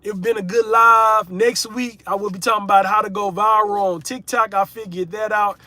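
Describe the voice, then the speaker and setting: Young male streamer with a slightly high voice, relaxed and chatty while reading out comments. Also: moderate pace. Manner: laid-back, chatty, reads viewer comments aloud. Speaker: livestream host, content creator. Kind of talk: casual livestream chat reading comments.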